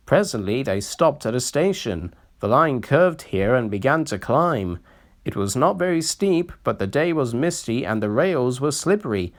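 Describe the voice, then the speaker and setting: A man narrating a storybook reading in an expressive, unhurried way. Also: medium pitch.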